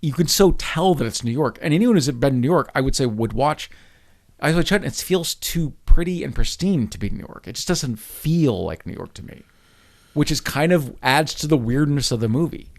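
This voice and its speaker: A man co-hosting a podcast, talking film in a casual, articulate way with quick bursts of speech. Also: a little high, lively intonation, vocal fry. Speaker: podcast co-host.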